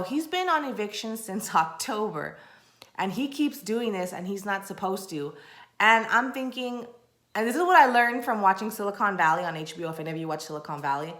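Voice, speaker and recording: A woman vlogger telling a story in a casual, animated way, acting out the people she quotes and ranting in exasperation. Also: mid-range voice, reverberant. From Texas.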